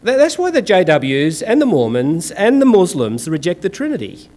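Aussie guy preaching, slightly high voice, swings up and down a lot, punchy and sarcastic. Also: wildly swooping pitch, moderate pace, a little mellow. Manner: emphatic, sarcastic, colloquial. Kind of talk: sermon.

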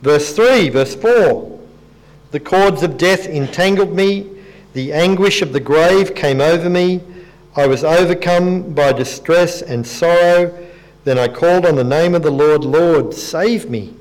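A man with a fairly high speaking voice delivers a sermon. He keeps it conversational and pokes fun at himself, then slows into reading scripture aloud to the congregation. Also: a little mellow, rough recording. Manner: conversational and self-deprecating, reads scripture aloud. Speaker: preacher.

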